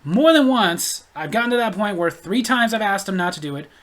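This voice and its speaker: A man's voice: high-pitched, lively intonation, a little fast, fairly bright tone. A man telling a story in a casual, blunt, exasperated ranting way. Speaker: storyteller vlogger.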